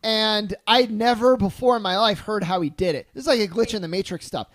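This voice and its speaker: A man's voice: high voice, brisk, no echo. A man co-hosting a podcast in casual chat, joking and teasing his friends as he tells stories. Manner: joking, teasing, animated storytelling. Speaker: podcast co-host.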